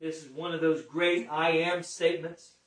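A man preaching a sermon emphatically, swinging from hushed lines to raised ones. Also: a little high, steady tone, moderate pace. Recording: echoey room, mic at a distance.

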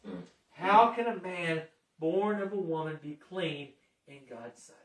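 A man delivering a sermon in a fairly high voice, slow and deliberate, building to forceful emphasis and then falling quiet. The sound is roomy and echoing, as though the mic sits some way off. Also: expressive. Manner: emphatic, dramatic swings from hushed to raised. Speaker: preacher. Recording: echoey room, mic at a distance.

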